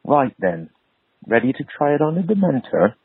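A man voicing a kind, patient wizard teacher who explains calmly, heard over a tinny phone line. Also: mid-range voice, husky, no room sound, pitched above the performer's own voice, heavily acted. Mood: approving. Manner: calm, measured explaining.

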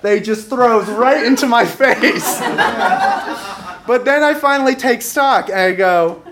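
A very high-pitched young man with a fairly bright tone performs at a live show, speaking at a moderate pace. He tells a comic personal story with wry self-mockery, chuckling as he goes.

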